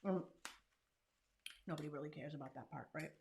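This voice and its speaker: Craft channel host, woman, lowish voice, chatty and self-deprecating, casual tutorial. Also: a little fast, darkish tone, slight background noise. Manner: chatty and self-deprecating, talks while working.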